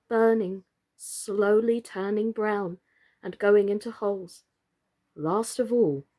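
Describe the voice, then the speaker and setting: A woman reading a children's book aloud as a storyteller, slow, gentle and expressive. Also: medium pitch.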